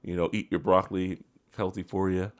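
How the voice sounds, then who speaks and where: A man's voice: sits low, flat delivery, a little fast, clear, resonant tone. A man hosting a gaming podcast, casually running through release dates with frequent fillers and laughs. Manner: laid-back, reads release list with fillers. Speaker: podcast host. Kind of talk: casual chat.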